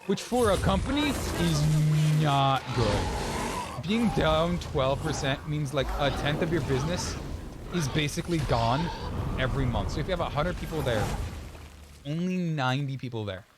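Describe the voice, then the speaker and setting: A young man streaming a game and chatting casually, rambling with many restarts and quick laughs. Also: a little high, very noisy. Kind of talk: casual chat while gaming.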